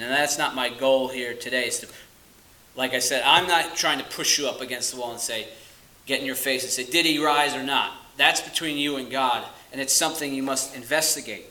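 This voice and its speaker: A man preaching a sermon, earnest and emphatic, stressing key phrases slowly and dropping to quiet asides. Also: mid-range voice, echoey room, rough recording.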